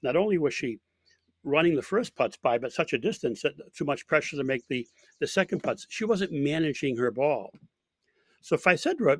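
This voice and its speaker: Brisk and expressive, a man with a mid-range voice recounts an anecdote during an interview; he coaches college golf. His telling is full of fillers and restarts, and the recording carries no room sound.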